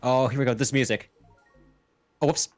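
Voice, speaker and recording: A man's voice: medium pitch, moderate pace, soft background music. A man chatting and laughing with friends during a casual gaming stream. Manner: chatty, laughs often, lively.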